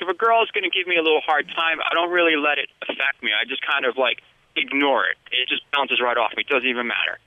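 A man talking casually as a dating coach, blunt and profane, with a quick laugh. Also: a little high, dry recording. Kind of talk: casual chat. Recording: dull lo-fi sound.

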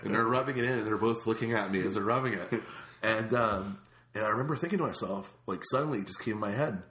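A man's voice: fairly low pitch, quick pace, fairly bright tone. A man telling a long rambling story in casual chat, with many fillers and restarts. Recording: echoey room.

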